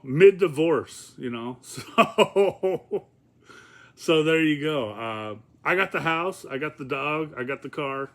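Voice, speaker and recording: A man talking casually in a rambling, profane vlog, with many fillers and chuckles. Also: fairly high pitch. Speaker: vlogger.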